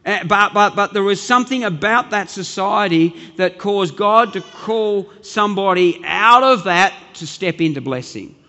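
A man's voice: high voice, pushed and bright, long reverb tail, lo-fi sound. A man preaching a sermon as pastor, earnest and emphatic, often repeating words as he builds his point.

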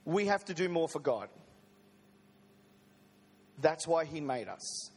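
A man delivers a sermon in a fairly high voice. He keeps it conversational and throws in light jokes to his listeners. The sound carries the long reverb of a church hall. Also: sing-song, slow pace, a little mellow, breathy edge. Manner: conversational, with joking asides to the congregation. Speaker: preacher. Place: church service.

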